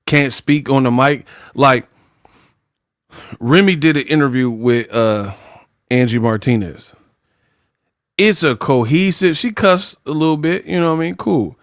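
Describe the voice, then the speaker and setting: A man's voice: medium pitch, measured pace, long pauses, no echo, clean studio sound. Slangy mocking boxing commentator man.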